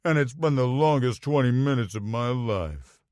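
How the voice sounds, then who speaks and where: A man voicing a jealous, playful grown man who talks in a gruff, teasing way. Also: medium pitch, expressive, moderate pace, darkish tone, no room sound, studio quality, lightly acted.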